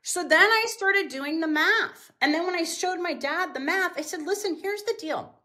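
A middle-aged woman, a business owner guest on a podcast, telling casual stories and acting out quotes with big jumps in pitch. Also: normal speed, sharp tone. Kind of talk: casual storytelling in an interview.

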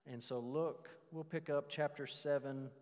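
Pastor preaching in a reverberant hall. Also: male voice, a little high. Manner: animated, emphatic preaching with drawn-out stressed words. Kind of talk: sermon.

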